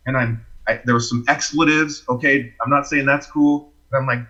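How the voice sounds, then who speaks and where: A man telling his personal story as a podcast guest, expressive and animated, acting out the quotes. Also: mid-range voice, normal speed, few pauses, dull audio.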